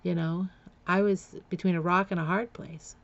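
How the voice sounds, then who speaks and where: A woman recounts her own past in a candid, confessional way. Her voice sits low and carries a gravelly edge, and the recording sounds dull and lo-fi. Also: fairly even intonation, moderate pace. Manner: frank, confessional, blunt. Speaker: memoir storyteller. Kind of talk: candid personal storytelling.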